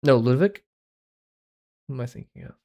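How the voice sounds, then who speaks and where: A man's voice: medium pitch, expressive, moderate pace, warm tone, lo-fi sound. A man livestreaming while he draws, chatting in a rambling, self-deprecating way. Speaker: livestreaming artist. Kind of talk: casual livestream chat while drawing.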